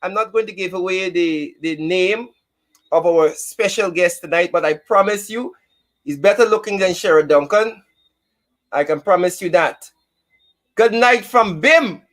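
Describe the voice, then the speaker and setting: A man's voice: sits high, measured pace, a bit bright. A man hosting a casual live-stream talk show, chatting and greeting viewers by name.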